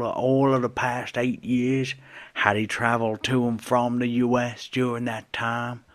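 A young podcast co-host with a slightly low voice, bantering in slang, swearing and laughing easily. He reads articles aloud slowly and plainly. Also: a bit bright. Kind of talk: casual chat and slow news reading.

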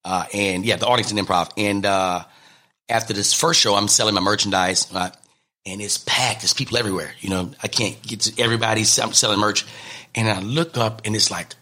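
A man, a comedian, telling animated stories in an interview, acting out the people he quotes. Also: on the low side, brisk. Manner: lively, acts out quotes in different voices. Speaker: comedian and guest.

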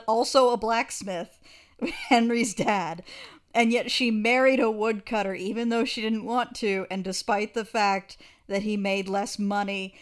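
Sardonic young woman podcast co-host. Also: mid-range voice. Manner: sardonic, describing scenes in detail. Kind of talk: casual film recap chat.

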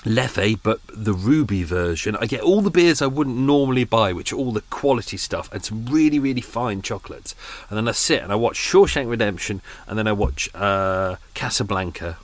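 A man's voice: lowish voice, expressive, normal speed, no echo. A man hosting a podcast, chatting unscripted and rambling, swearing and poking fun at himself. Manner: rambling, sweary, self-mocking. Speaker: podcast host. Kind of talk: unscripted casual monologue. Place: on a narrowboat in London.

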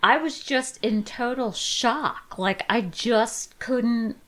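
A woman's voice: a little high, slow, a bit bright. A middle-aged woman, a podcast guest, casually and animatedly retelling spooky stories from her past. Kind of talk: casual storytelling.

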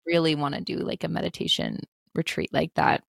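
A young woman in her twenties speaks with a low, gravelly voice. She talks gently and reassuringly as a guest coach on a podcast, filling her speech with "like." The sound is dry and close, with no room echo. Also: huge pitch swings, a little fast. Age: 20s. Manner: gentle, reassuring, many "like" fillers. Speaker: spiritual life coach. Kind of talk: podcast interview.

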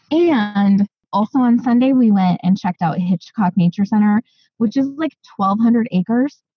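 A woman co-hosting a podcast in easy, excited chat, full of fillers and asides. Her voice is husky and breathy, and the sound is dry and a little muffled. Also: medium pitch, dry recording. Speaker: podcast co-host. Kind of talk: casual chat.

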